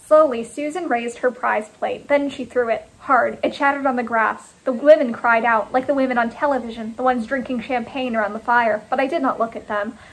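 Woman author narrating her own first-person story, clipped and deliberate, higher voice. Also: fairly even intonation, poor audio.

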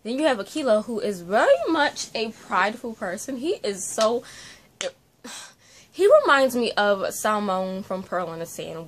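A woman vlogging a casual book review from her bedroom, talking into a phone on a selfie-stick tripod, rambling and animated with lots of fillers. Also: lowish voice, slight background noise. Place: bedroom at home.

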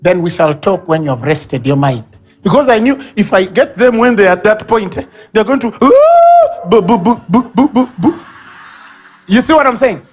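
A man with a Ugandan English accent preaches a sermon at a church service, animated, acting out sobs and baby babble and shouting key lines. His voice is high and a little fast, with faint music in the background.

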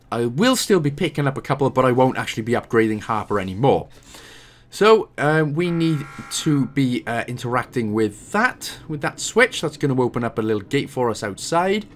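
A Welsh man with a mid-range voice narrates a video game walkthrough, keeping the commentary casual and chatty. He often drops self-deprecating, apologetic asides.

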